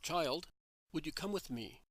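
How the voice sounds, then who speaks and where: A man reading the part of a gentle, kindly male religious teacher, calm and reassuring. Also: fairly high pitch, measured pace, husky, no echo, full character voice.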